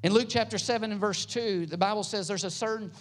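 A pastor preaching a sermon, building up into loud, high passages and then dropping to soft, low, quiet lines. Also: fast.

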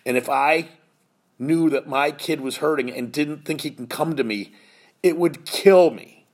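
A man's voice: on the high side, unhurried. A man in his fifties hosting a podcast, telling an emotional personal story in an earnest, heartfelt way that turns choked up at times. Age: 50s. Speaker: podcast host.

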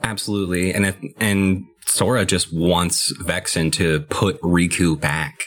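A man's voice: low-pitched, steady tone, a little slow, a bit bright. A young man co-hosting a podcast, chatting casually about a video game and explaining strategy in long, loose sentences. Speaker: podcast co-host.

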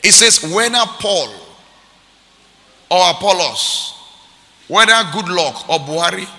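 A male pastor from Nigeria, preaching a sermon with shouted, sing-song call-and-response. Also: high-pitched, expressive, takes it slowly, long reverb tail.

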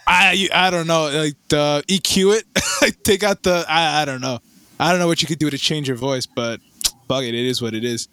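A young man co-hosting a podcast, chatting casually with lots of stammered restarts and excited rambling. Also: on the high side, normal speed, smooth, no room sound. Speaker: podcast co-host. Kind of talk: casual chat.

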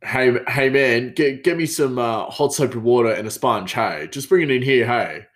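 A man's voice: mid-range voice, moderate pace, a bit bright, lightly acted. Man doing a "hey"-saying chef. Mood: scolding. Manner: tacks "hey" onto every sentence. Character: laid-back male chef ending every sentence with "hey".

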